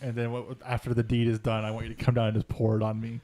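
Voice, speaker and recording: A man's voice: medium pitch, monotone, fast, warm tone. A young man co-hosting a podcast, joking playfully and swearing in casual chat. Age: young adult. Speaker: podcast co-host.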